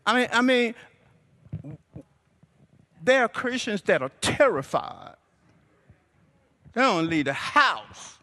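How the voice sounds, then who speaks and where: High, bright-voiced preacher man. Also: big pitch swings, slow pace, pauses often. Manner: call-and-response preaching, rising to shouts. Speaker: pastor. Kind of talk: sermon. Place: church sanctuary.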